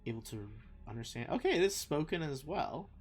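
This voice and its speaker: A man's voice: fairly high pitch, big pitch swings, fairly quick, slight background noise. Young male game master, casual improvising narration, full of ums. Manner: loose, filler-heavy improvising.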